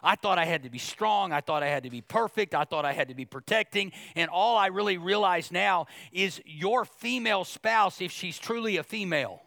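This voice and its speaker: A middle-aged male pastor preaching a sermon, animated and jokey, acting out other people's voices as he goes. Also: high-pitched, moderate pace, vocal fry, hardly any pauses, no echo, clean studio sound.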